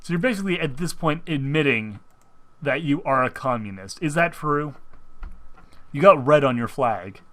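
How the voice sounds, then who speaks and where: A man's voice: on the high side, expressive, normal speed, a bit bright. An American man co-hosting a podcast, riffing in casual comedic chat with a mock-patriotic, joking manner. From United States. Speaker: podcast co-host.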